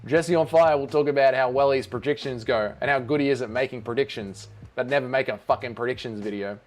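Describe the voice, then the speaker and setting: A man's voice: mid-range voice, fast, faint music behind. A man hosting a casual watch-along livestream, joking around and reading out chat messages. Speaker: livestream host.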